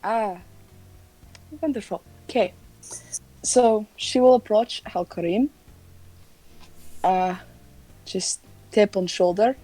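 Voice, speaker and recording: A woman's voice: medium pitch, slow, long pauses, dark tone, faint music behind, poor audio. A woman playing a tabletop game, chatting casually in a playful way with frequent laughter and swearing. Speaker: player.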